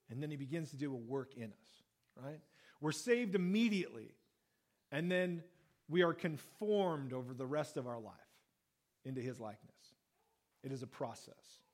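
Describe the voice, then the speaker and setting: A man preaching a sermon, reading scripture and then explaining it in a casual, conversational way, acting out quoted lines. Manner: conversational, acts out quoted lines with lively pitch jumps. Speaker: pastor. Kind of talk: sermon, Bible reading and teaching.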